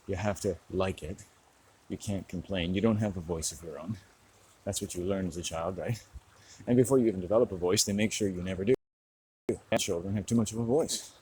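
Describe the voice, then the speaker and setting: A man's voice: sits low, fairly quick, dark tone, husky, no echo, low-quality recording. A man talking in a rambling, profane monologue, sarcastic and laughing at his own jokes.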